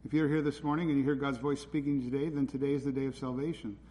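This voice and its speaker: A man's voice: mid-range voice, little pitch movement, fast, dark tone. A man preaching a sermon in a church, urgent and pleading as he presses his listeners. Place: church hall. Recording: hall reverb with faint ambient noise.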